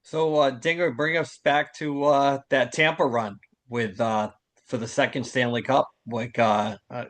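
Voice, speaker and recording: A man's voice: mid-range voice, steady tone, measured pace, a bit bright. A man hosting a podcast, asking questions in a hesitant way with many fillers. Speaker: podcast host. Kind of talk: casual interview questions.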